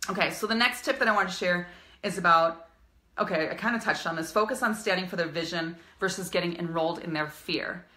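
A woman's voice: lowish voice, fairly quick, sharp tone. A woman business coach giving an upbeat, emphatic live-streamed coaching talk, repeating her key phrases.

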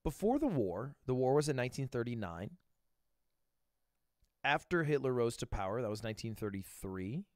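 Animated, swearing male streamer thinking aloud. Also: mid-range voice, moderate pace, no echo, studio quality. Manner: animated, swears freely, talks himself through guesses; bursts into loud excited exclamations. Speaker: streamer reacting to videos and playing guessing games.

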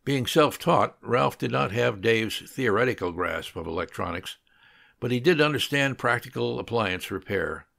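A man narrating an audiobook with steady, scripted storytelling. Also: lowish voice, vocal fry.

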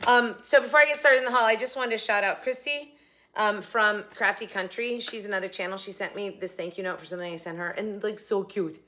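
A woman's voice: mid-range voice, steady tone, a little fast, sharp tone. A woman hosting a casual shopping haul vlog from her home kitchen, chatty and rambling, often cutting herself off mid-thought. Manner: chatty, rambling, self-interrupting. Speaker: channel host. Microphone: phone camera.

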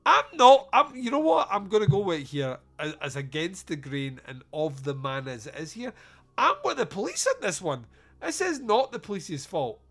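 A man with a slightly high voice and moderate pace hosts a casual comedic podcast reviewing a film. He retells its scenes in animated fashion, tossing in sarcastic, sweary asides.

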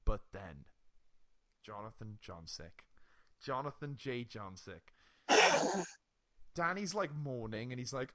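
A young man co-hosting a casual podcast, retelling a TV episode with lively swearing and frequent laughs. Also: mid-range voice, a little slow, long pauses. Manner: animated storytelling, swearing, laughing often. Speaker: podcast co-host. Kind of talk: casual chat.

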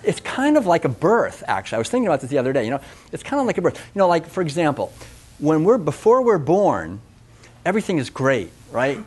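A man giving an animated, conversational public talk at a festival, often acting out voices. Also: on the high side, fast talker, breathy edge. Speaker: speaker.

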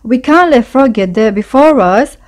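A woman voicing an eager, excitable vole from the riverbank in a storybook read-aloud. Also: mid-range voice, measured pace. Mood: urgent.

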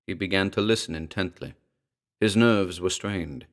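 A man giving a measured, grave, scripted narration of a horror story. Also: low-pitched. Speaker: audiobook narrator.

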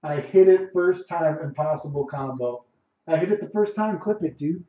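A man commentates live on a fighting game in a brash, swaggering way, full of swearing and bragging. His voice sits a little high, and the cheap, dull mic picks up an echoey room. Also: moderate pace, dark tone. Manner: brash, profane, boastful. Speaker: streamer.

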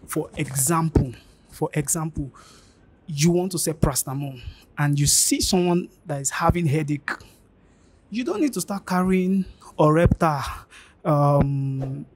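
Husky, emphatic man coaching. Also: a little high, a little mellow. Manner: emphatic, pleading, repeats key points. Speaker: career advice coach. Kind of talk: informal teaching monologue.

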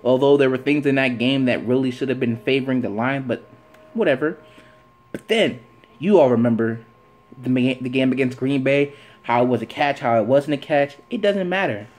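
A man's voice: medium pitch, moderate pace. A man giving an opinionated sports commentary rant, firing off rhetorical questions and repeating phrases for emphasis. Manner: animated, fires off rhetorical questions. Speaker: sports vlogger.

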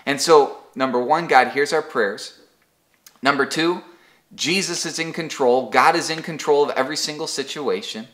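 A man's voice: fairly high pitch, normal speed, a bit bright. A man leading an online Bible study in a conversational devotional style, often repeating a word as he restarts and telling everyday examples. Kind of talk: casual devotional teaching.

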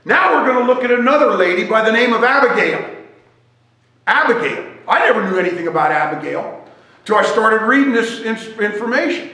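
A man telling a joking, animated story as a sermon at a church service. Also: sits high, fairly quick. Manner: animated, joking storyteller who wanders while talking. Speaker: guest speaker at a church service. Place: church sanctuary. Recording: echoey church hall.

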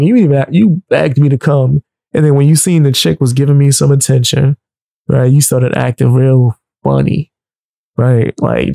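A man hosting his show, telling a story in a loose, animated, profane way and laughing as he goes. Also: medium pitch, creaky, no echo, rough recording. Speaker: show host. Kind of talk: casual storytelling.

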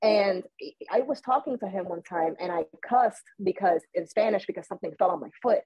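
A woman's voice: mid-range voice, brisk, dry recording. A woman from Puerto Rico hosting a podcast, chatting casually and telling stories with a lot of laughter. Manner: animated storyteller, laughs often. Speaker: podcast host. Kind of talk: casual interview chat. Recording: muffled lo-fi sound with a husky edge.

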